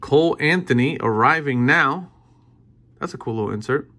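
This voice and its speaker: A man in his thirties giving excited, casual commentary while opening trading card packs, often repeating himself and breaking into cheers. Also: medium pitch, normal speed.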